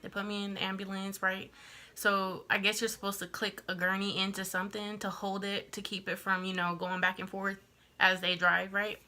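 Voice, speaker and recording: A young woman from Texas telling a storytime to her camera in a chatty, animated way, full of "like" and acted-out quotes. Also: mid-range voice, normal speed. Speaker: vlogger. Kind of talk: casual storytime.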